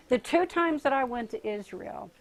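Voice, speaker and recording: A woman's voice: high-pitched, animated, unhurried, rough recording. An older woman telling her life story in a casual interview, laughing often and acting out the voices of people she quotes. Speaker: interviewee, retreat participant.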